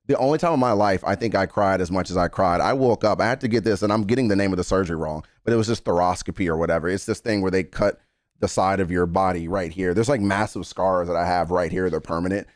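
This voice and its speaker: A man in his thirties talks through a song reaction with raw, earnest emphasis, his voice sitting fairly low. He swears freely and leans hard on his points. The sound is dry and close, with no room around it. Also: fast talker, no room sound. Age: 30s. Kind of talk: emotional reaction commentary.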